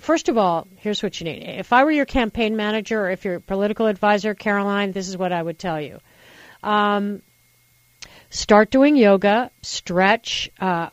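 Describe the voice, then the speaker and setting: A woman hosting a call-in radio talk show, giving opinionated advice in an animated way and repeating words for emphasis. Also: medium pitch, dry recording, lo-fi sound.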